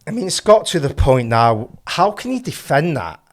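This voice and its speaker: Male channel host with a high, lively voice; fired-up opinion piece, heavy on rhetorical questions. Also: moderate pace. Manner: passionate, ranting with rhetorical questions. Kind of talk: opinionated commentary.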